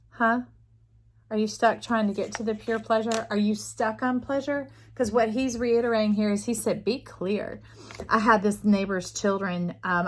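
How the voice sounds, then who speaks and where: A woman doing an intuitive tarot reading, chatting to the listener directly and drifting into lively stories. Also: mid-range voice. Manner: chatty, warm-hearted, digressive storytelling with animated quoted voices; addresses listener directly as y'all and love. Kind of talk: casual spiritual tarot reading.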